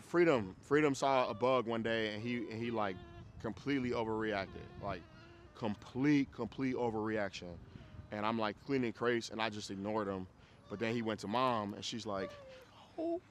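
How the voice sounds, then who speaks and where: Blunt Chicago dog trainer, casual and salty. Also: male voice, medium pitch, slight background noise. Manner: casual, blunt, swears, keeps asking if you follow. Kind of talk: group class teaching. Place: dog training class with dogs around.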